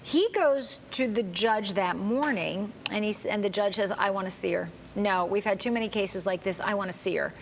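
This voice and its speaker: A woman guest co-host telling a personal story on a talk show, animated and acting out the people in it. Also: mid-range voice, normal speed, creaky, few pauses, a little hiss or hum.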